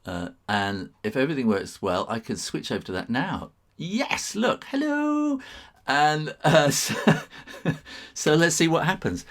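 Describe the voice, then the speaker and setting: A man's voice: medium pitch, expressive, unhurried, fairly bright tone. A middle-aged man, hosting a casual live drawing stream and chatting with viewers in a rambling, chuckling way. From England.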